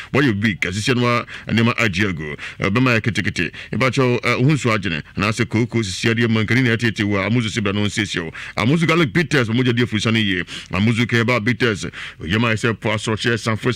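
A man with a Ghanaian accent reading a run of product adverts, hyped and repetitive, reading out phone numbers twice and swinging between loud calls and low mutters. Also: no echo. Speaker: radio advert presenter. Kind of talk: fast advert announcing in mixed Twi and English.

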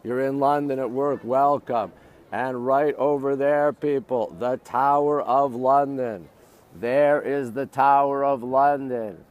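A man streaming live from his phone on a riverbank, outdoors, his voice sitting at an ordinary middle pitch. He greets viewers by where they're from and points out one landmark after another like a casual tour guide. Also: fairly even intonation, takes it slowly. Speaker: livestream host. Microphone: phone livestream.

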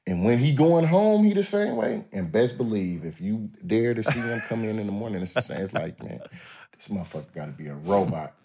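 A man with a lowish voice tells stories as a podcast guest, laid-back and drawling. He swears freely and slips into little impressions of other people. The delivery is relaxed and unhurried. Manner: laid-back, profane, drawling storyteller who acts out others. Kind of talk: casual interview storytelling.

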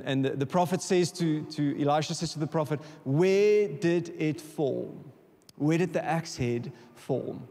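South african guy preaching, fired up, bit high voiced, big echoey church hall. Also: a little mellow. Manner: impassioned, repeats words when stirred, calls for congregation response. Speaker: guest preacher. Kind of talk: sermon. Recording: long reverb of a church hall.

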